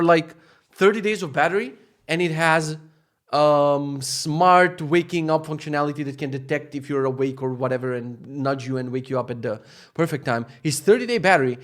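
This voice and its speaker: A man in his thirties hosting his own podcast in a casual solo monologue, animated and profane, swinging between loud rants and quiet asides. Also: mid-range voice. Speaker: podcast host.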